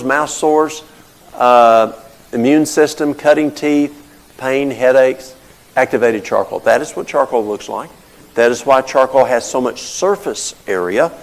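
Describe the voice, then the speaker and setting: An older man with a drawl leads a homespun health talk. His voice carries a gravelly, fry-tinged texture at an ordinary middle pitch. He teaches through anecdotes and simple kitchen-table examples. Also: poor audio. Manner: homespun, storytelling, explains with plain examples.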